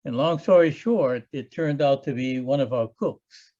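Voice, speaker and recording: A man's voice: medium pitch, measured pace, warm tone, dull audio. An older man, a Special Forces veteran, telling a story bluntly and matter-of-factly in an oral history.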